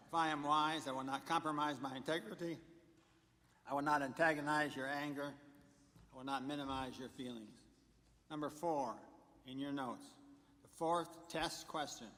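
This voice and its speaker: Sermon from a male pastor with a fairly high pitch and fairly bright tone, recorded in a church sanctuary with long reverb. He lays out numbered points and tells jokes as he goes.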